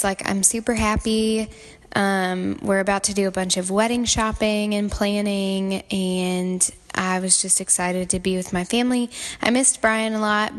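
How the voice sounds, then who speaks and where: Frau, 20er, erzählt locker und offen, Stimme in mittlerer Lage, Raum mit langem Hall. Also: female voice, mid-range voice. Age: 20s. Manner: chatty, candid, laughs lightly as she talks. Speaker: vlogger. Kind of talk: personal storytelling. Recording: long reverb.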